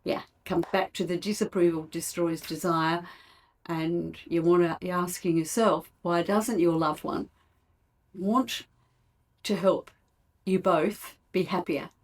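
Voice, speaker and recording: A woman's voice: lowish voice, steady tone, takes it slowly, rough recording. Middle-aged lady coach chatting on her own podcast, acts out little lines to a partner as she goes. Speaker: couples coach and podcast host. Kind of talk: solo advice podcast.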